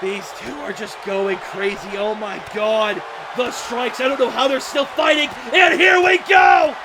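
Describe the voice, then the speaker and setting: Young male wrestling commentator, frantic shouty play-by-play, noisy venue. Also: very high-pitched, fairly even intonation, unhurried. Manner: frantic, shouting, disbelieving outbursts. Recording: loud crowd and noisy venue. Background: cheering crowd.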